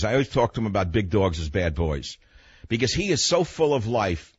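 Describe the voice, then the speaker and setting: A man's voice: on the low side, animated, brisk, slightly rough, no room sound, muffled recording. An older man from New York hosting a radio talk show, telling a story in a blunt, emphatic monologue.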